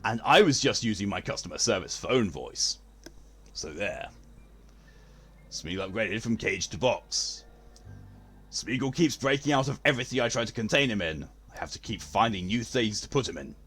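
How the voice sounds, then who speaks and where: A man's voice: fairly low pitch, lively intonation, normal speed, a bit bright, slightly rough, soft background music. Theatrical man streaming a game. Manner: theatrical, posh-leaning delivery. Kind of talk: casual live game stream chat.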